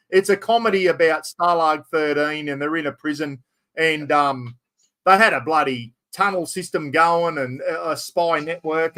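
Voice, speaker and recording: A man's voice: fairly high pitch, a bit bright. A middle-aged Australian man hosting a casual live stream, rambling through stories and calling everyone "mate". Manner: rambling, storytelling, sprinkles "mate" and mild swearing. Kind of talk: casual chat.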